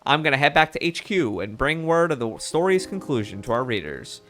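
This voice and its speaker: A man's voice: mid-range voice, sing-song, a little fast, fairly bright tone, faint music behind. A man voicing a friendly male newspaper reporter in a put-on mid-Atlantic accent, reading game dialogue aloud. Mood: chummy. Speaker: video game streamer.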